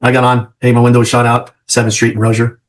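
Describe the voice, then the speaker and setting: A man's voice: medium pitch, monotone, fast talker. A middle-aged man and trading mentor talking straight to camera in an emphatic vlog, repeating phrases and asking "right?" after his points.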